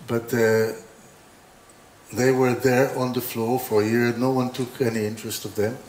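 A man's voice: medium pitch, little pitch movement, normal speed, a little mellow, slight background noise. Man telling anecdotes in a roomy hall. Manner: rambling, full of restarts and dry humor. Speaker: designer giving an opening talk. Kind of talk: informal lecture with anecdotes. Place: exhibition hall. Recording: roomy hall with faint ambience.

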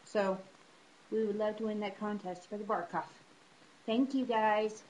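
Casting: woman, casual home vlog, chatty and loose, faint room noise, mid pitch. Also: fairly even intonation, unhurried, a little mellow, low-quality recording. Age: adult. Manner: chatty, pitches up high to call her dogs. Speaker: dog owner vlogger. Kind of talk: casual home video chat. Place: home with pets.

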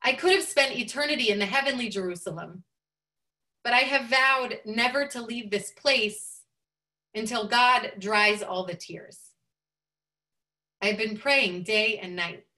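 A devoted old rabbi, voiced by a woman, speaks solemnly and gently in a told story. The voice is bright and a little high. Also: unhurried, rough recording. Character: devoted old rabbi praying by a sea of tears.

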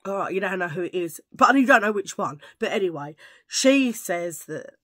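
A woman's voice: mid-range voice, animated, moderate pace, sharp tone. Woman, casual vlog chat, rambling, close camera. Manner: rambling, chatty, jumps between tangents. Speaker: vlogger. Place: at home filming under a ring light.

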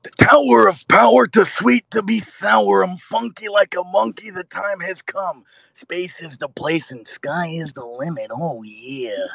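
Brief: man doing a bragging wrestler impression, slow growl, dry mic. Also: high-pitched, creaky, fairly bright tone, no room sound, highs cut off, full character voice. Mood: boastful. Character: gravelly wrestler impression, boastful older man.

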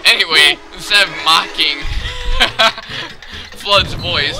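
A man with a high, bouncy voice riffs sarcastically through a video game playthrough. He talks at an unhurried pace, teasing every character on screen. Game music plays clearly underneath. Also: lively intonation, sharp tone. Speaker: let's play commentator. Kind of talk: joking gameplay commentary.

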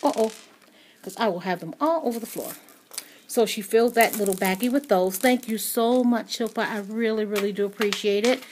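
A woman hosting a craft channel chats casually while showing off a gift she received, gushing with plenty of ums and repeated words. Her mid-range voice moves fairly quickly, has a darkish tone, and carries a slight hiss or hum.

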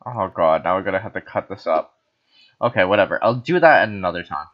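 A man's voice: sits low, lively intonation, fast. Tipsy young man rambling over gameplay. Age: young adult. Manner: rambling, self-mocking, swearing. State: tipsy from wine. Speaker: host. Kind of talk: casual Minecraft let's-play chatter. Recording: dull lo-fi recording.

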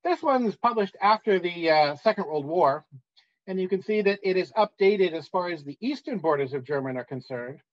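A man giving an academic conference talk, measured and pausing often with "uh.". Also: high voice, animated, muffled recording. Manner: measured, with frequent "uh" pauses. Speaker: academic lecturer.

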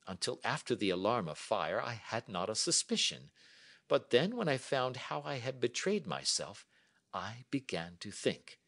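A man reading as a poised, lively young woman. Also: mid-range voice, pitched above the performer's own voice, heavily acted. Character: clever young woman writing a farewell letter. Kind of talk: storybook reading for learners.

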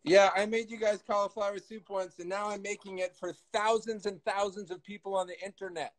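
A guest cook with a high-sitting voice chats casually on a live video call while cooking, speaking a little fast with fairly even intonation over a rough recording. He jokes and mocks himself, getting loud whenever he leans in.

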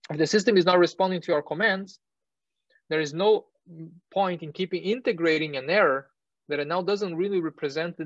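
A male university lecturer explaining technical material, pausing with fillers, correcting himself and checking in with "right?". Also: on the high side, no room sound. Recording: dull, lo-fi lecture recording.

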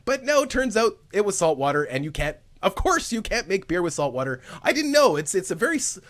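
A man's voice: high-pitched, big pitch swings, brisk, fairly bright tone. A man casually commenting on his own gameplay as a let's play host, chatty and upbeat, thinking aloud and laughing often.

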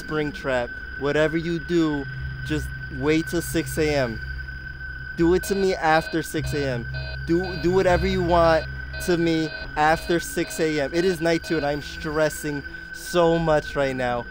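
A young man streaming a horror game, chatting casually with viewers, anxious and excitable. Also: fairly high pitch, unhurried, over music. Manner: anxious, excitable, talks to chat. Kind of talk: casual live-stream commentary.

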